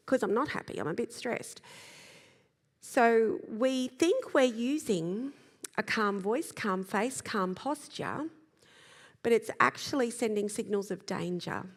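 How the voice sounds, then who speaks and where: A woman giving a live talk about children's behaviour, explaining in a lively way and acting out little examples. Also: fairly high pitch, a little slow. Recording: long hall reverb.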